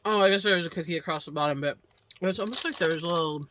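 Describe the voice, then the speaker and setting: A woman with a notably low voice reviews snacks in a casual vlog. She chats in an unhurried way, murmuring as she chews. Clear background noise runs under the home recording. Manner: chatty, unhurried, murmurs while chewing. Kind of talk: casual snack taste-test commentary.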